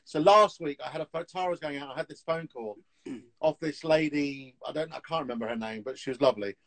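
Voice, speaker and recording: A man, a TV antiques dealer, telling stories in a casual, animated way on a live video call. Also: on the high side, vocal fry, low-quality recording. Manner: chatty storyteller, animated, quick laughs. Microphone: phone on a live video call.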